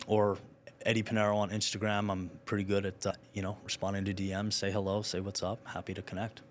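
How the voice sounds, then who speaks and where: Male interview guest, lowish voice, animated storyteller. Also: slight background noise. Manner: animated storyteller, quick asides. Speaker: guest, motivational speaker. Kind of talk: casual interview chat.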